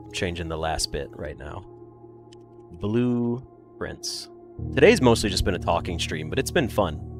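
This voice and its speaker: A young man streamer chatting casually and telling rambling stories, swearing and restarting sentences often. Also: low voice. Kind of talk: casual live-stream chat.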